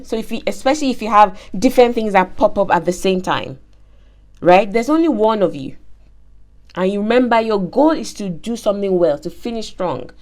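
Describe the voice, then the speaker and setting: A woman's voice: medium pitch, moderate pace. A woman hosting a faith-based motivational talk, telling stories emphatically with lots of repetition. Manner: animated, emphatic storytelling with repetition. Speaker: host.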